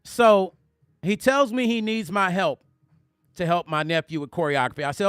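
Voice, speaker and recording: Man, music vlogger, animated storyteller, high voice, smooth clear tone, dry close sound. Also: normal speed, no echo. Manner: animated, conversational, addresses viewers. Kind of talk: storytelling on a live stream.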